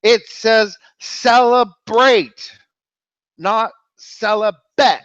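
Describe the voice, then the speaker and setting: Old pope, wailing high and loud , put on by a man, dull dry lo-fi sound. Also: very slow, no room sound, heavily acted. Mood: aghast. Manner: high-pitched crying wail. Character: elderly male pope, wailing in shock.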